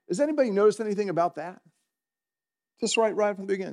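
Middle-aged male pastor with a high voice; conversational preacher who chuckles and quizzes his church. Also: quick pace, a little mellow. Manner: conversational, asks the congregation questions, chuckles often. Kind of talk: sermon. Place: church in front of a congregation.

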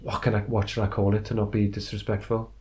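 A man's voice: lowish voice, completely flat delivery, fast talker, warm tone. A man co-hosting a casual podcast, reading out listener emails and joking crudely with plenty of swearing. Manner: jokey, swears freely, reads listener emails aloud. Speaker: podcast co-host. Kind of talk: casual chat.

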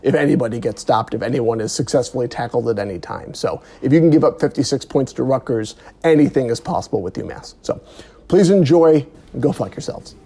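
A man giving his sports betting picks on a podcast, talking in a crude, deadpan way. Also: medium pitch, fairly quick, breathy edge. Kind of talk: casual sports betting banter.

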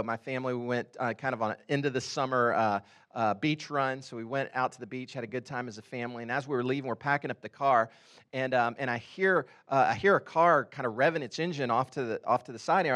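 A man in his thirties preaching a sermon in a conversational way, telling stories with many fillers and sudden animated bursts. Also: mid-range voice. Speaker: pastor.

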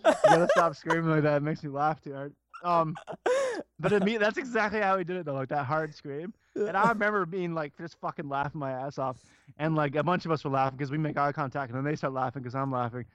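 A man's voice: on the high side, quick pace, clear, resonant tone, no room sound. A man co-hosting a podcast in casual chat, telling stories with lots of swearing and laughter. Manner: profane, laughs often, animated storytelling. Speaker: podcast co-host.

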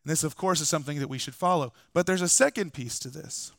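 A man's voice: fairly high pitch, fast talker, vocal fry, a bit bright, dry recording, studio quality. A man preaching a sermon as pastor in a church, conversational, with joking asides, recovering from an illness.

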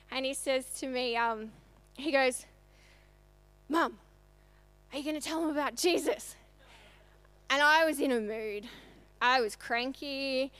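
Bright-voiced woman giving a testimony. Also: high-pitched, clear, resonant tone. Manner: storytelling, animated, conversational. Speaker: church speaker. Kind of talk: sermon testimony. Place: church.

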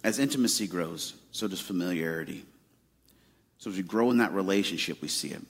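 A man's voice: deep voice, a little fast, husky. A man in his forties from Arizona, preaching a sermon in a casual, conversational way with many fillers. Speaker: pastor.

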